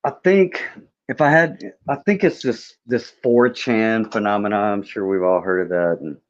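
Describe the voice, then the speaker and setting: A man's voice: fairly low pitch, normal speed. A man chatting casually on a livestream, dismissive and sarcastic, with some swearing. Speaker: livestream guest. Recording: dull lo-fi stream audio.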